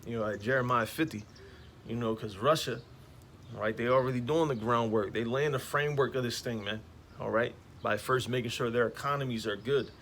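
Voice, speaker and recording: A man's voice: mid-range voice, fairly even intonation, brisk, a bit bright. A man street preaching in a slangy, emphatic way, peppering his talk with "man, all right?" outdoors beside passing traffic.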